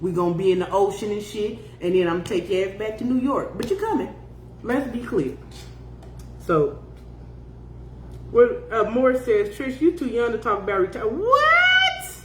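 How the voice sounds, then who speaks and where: A woman's voice: mid-range voice, moderate pace, darkish tone, echoey room, slight background noise. A woman in her fifties hosting a casual live chat, reading out viewer comments in a blunt, profane way and laughing often. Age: 50s. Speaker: podcast host.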